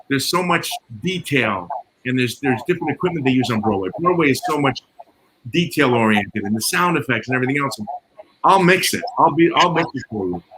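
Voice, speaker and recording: Male guest, a sound engineer spinning lively anecdotes over audible background noise. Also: medium pitch. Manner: animated storyteller, acts out quoted dialogue. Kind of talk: storytelling in casual chat.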